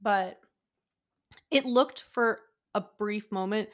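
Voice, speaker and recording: A woman speaking as a podcast guest at a middle pitch, telling her story in a loose, conversational way. She hedges, restarts her sentences and laughs easily between them. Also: slow. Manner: hedging, laughs often, restarts while recounting. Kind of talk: casual podcast chat.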